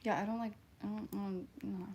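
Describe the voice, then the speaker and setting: Blunt Midwestern woman with vocal fry. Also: medium pitch, fairly even intonation, normal speed, a little mellow, a little hiss or hum. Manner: blunt, offhand and profane, laughs often. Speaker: livestreamer. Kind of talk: casual livestream chat, reading viewer comments.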